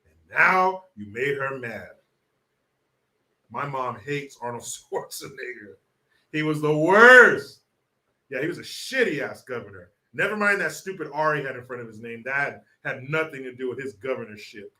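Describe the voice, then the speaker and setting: A man's voice: medium pitch, lively intonation, moderate pace, pushed and bright. A man from California hosting a live-stream commentary show, brash, profane and sarcastic. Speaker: political commentary host.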